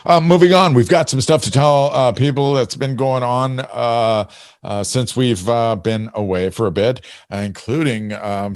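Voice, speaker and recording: Man, hoarse, very low pitch, rambling, many fillers, dry recording, podcast host. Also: darkish tone, no echo. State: hoarse after throat surgery. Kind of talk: casual chat.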